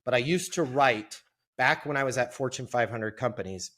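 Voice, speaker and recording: Energetic middle-aged man telling a story. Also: mid-range voice, normal speed. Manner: energetic, self-deprecating storyteller. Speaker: sales trainer, guest. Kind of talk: storytelling interview answer.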